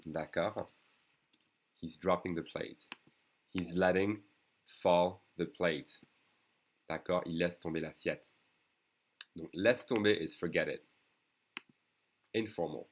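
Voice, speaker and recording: A man's voice: sits low, takes it slowly, long pauses, a little hiss or hum. A man with a French accent, a native French speaker teaching a beginner language class online, explaining patiently and often checking in with "okay" and "d'accord".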